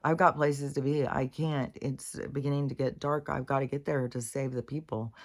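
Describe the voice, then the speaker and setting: A woman's voice: rumbling low, fairly even intonation, normal speed. A woman voicing a burdened medicine man who urgently insists he has to move on. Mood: exasperated. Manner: urgent, exasperated. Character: burdened traveling medicine man, anxious to leave.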